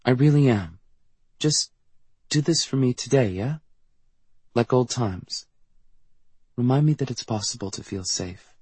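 Man voicing a teenage girl, soft and pleading, husky, dry sound. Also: medium pitch, expressive, a little slow, pauses often, no echo, voice pushed up. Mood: earnest. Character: teenage girl Mel, worried sister.

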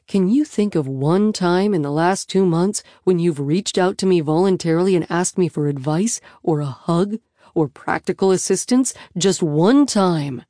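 A woman reads a novel aloud in the first person with an intimate, reflective manner. Her voice is fairly low and warm. The recording is close and dry, with no room sound. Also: no echo. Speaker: audiobook narrator.

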